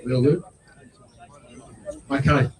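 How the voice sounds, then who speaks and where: A middle-aged Australian man, a politician giving a blunt, folksy speech at an outdoor rally that builds to shouted points. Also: medium pitch, extremely slow. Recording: voice picked up from far off.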